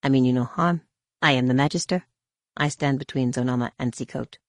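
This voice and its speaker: The Magister, a narrator doing a calm old woman elder. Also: mid-range voice, fairly quick, no room sound, studio quality, pitched below the performer's own voice, lightly acted. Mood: gentle. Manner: calm, dignified. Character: old, composed female elder leader.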